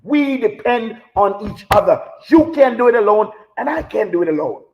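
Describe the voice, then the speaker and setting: High-pitched man preaching with passion. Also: animated, moderate pace, muffled recording. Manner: preachy, emphatic, repeats phrases for effect. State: emotional. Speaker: talk show host. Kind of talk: impassioned live show monologue.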